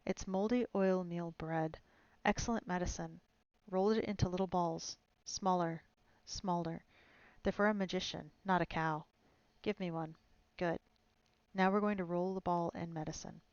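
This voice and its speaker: A woman doing a gruff boastful dwarf. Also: fairly low pitch, steady tone, normal speed, darkish tone, no room sound, dull audio, natural voice. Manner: blunt, matter-of-fact.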